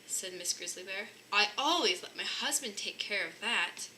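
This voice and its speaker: A woman's voice: mid-range voice, moderate pace, a little hiss or hum. A woman reading a children's picture book aloud, lifting her voice for the characters' lines. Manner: lively, lifting voices for the bear cubs' lines. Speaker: storybook reader.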